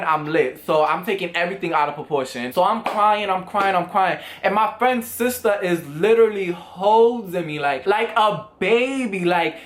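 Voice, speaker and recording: Young male vlogger, storytelling straight to camera, animated, voices the quotes with big jumps. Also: high-pitched. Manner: animated, swings into loud re-enactments of quotes.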